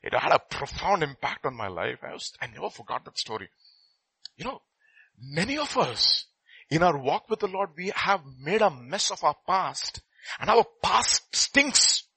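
A middle-aged man telling a story in a sermon, swinging between loud and hushed. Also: a little high, big pitch swings, moderate pace, slightly rough, no echo, poor audio.

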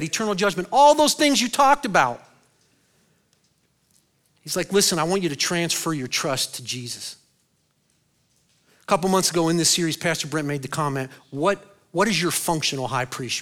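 A male pastor delivers a dynamic sermon in a bright, fairly high voice. He swings from loud, soaring bursts down to hushed, low lines. He keeps asking the congregation questions and answering them himself.

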